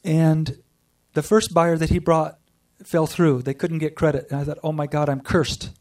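Man, earnest testimony speaker, mellow tone, distant mic. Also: on the high side, fairly even intonation. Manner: earnest storytelling with pauses and restarts. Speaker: speaker sharing a personal spiritual story. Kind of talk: personal testimony to a group.

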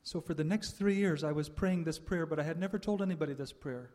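An older man giving a reflective personal testimony to an audience, pausing often with "uh" and soft laughs. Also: on the high side. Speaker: speaker sharing a spiritual life story.

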